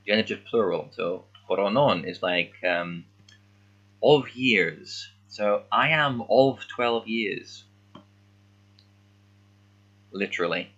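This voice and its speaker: A man's voice: fairly low pitch, pushed and bright, lo-fi sound. Man puzzling aloud over a text. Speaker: language learner. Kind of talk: casual thinking-aloud readalong.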